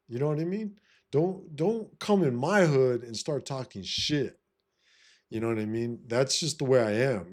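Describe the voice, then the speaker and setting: A man's voice: medium pitch, darkish tone. A man talking casually to camera, blunt and profane, who keeps saying "you know what I mean". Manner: blunt, swaggering. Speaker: vlogger giving life advice. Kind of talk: casual monologue.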